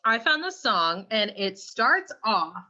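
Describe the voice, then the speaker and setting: A young woman co-hosts a casual podcast, telling a funny story with quick asides and laughter. Her voice is bright and forceful. The recording sounds a little dull and lo-fi. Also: medium pitch, big pitch swings. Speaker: podcast co-host. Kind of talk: casual chat.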